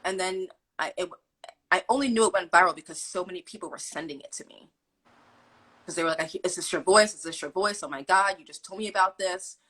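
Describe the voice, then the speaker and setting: Young adult woman guest, husky and a bit low, acts out quotes as she tells a personal story. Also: a little fast, low-quality recording. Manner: animated, acts out quotes with fillers like "like". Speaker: guest telling her story. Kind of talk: candid storytelling.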